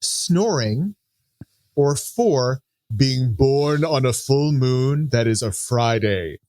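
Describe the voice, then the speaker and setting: A man's voice: mid-range voice, animated, takes it slowly, darkish tone, dry recording, studio quality. A man co-hosting a podcast, playfully running a trivia game and reading out numbered options. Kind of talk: casual podcast chat.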